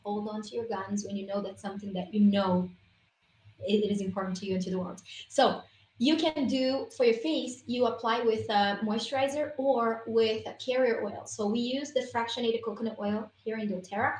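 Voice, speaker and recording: Presenting essential oils as a guest on a video-call live stream, a woman talks in an upbeat, chatty way. Her fairly high, darkish voice stays steady at normal speed, and the audio has a roomy echo with faint room ambience.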